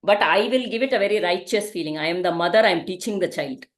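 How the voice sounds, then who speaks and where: A woman's voice: lowish voice, quick pace. A woman teaching a parenting class in a conversational way, often asking rhetorical questions.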